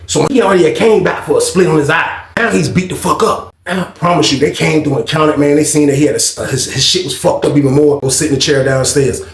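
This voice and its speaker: A man's voice: fairly high pitch, fast talker, hardly any pauses, echoey room. A man telling a prison story casually and animatedly, repeating lines and acting out quotes. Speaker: storyteller recounting prison life.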